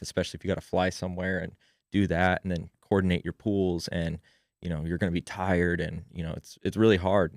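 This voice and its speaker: Low-voiced rambling man on a podcast. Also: a little mellow, no echo, studio quality. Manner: rambling, lots of "you know" fillers. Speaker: podcast guest. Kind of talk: casual podcast chat.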